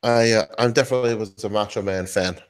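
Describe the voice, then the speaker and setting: A man co-hosting a podcast in casual chat, emphatic and quick to agree and add detail. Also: fairly low pitch, clear, resonant tone. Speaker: podcast co-host.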